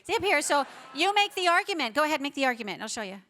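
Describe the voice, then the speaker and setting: A woman giving an emphatic conference talk, stacking up words for effect and dropping to a soft, quiet voice when she tells a story. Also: high voice, very animated, racing. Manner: emphatic, builds up lists of words. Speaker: pro-life educator giving a conference talk. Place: large conference hall on stage.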